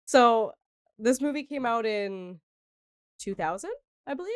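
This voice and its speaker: Laughing young woman, lively pitch. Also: measured pace, no room sound, clean studio sound. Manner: laughs often, chatty, repeats words. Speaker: podcast co-host. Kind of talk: casual movie chat.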